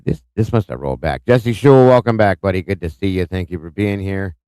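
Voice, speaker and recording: A deep-voiced man hosting a live stream, greeting viewers one by one in a chatty, upbeat way. His voice is smooth and clear, recorded close and dry with no room sound. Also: a little fast, no echo. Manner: upbeat, chatty, reads out viewer names warmly with small stumbles. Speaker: host of a live true-crime stream.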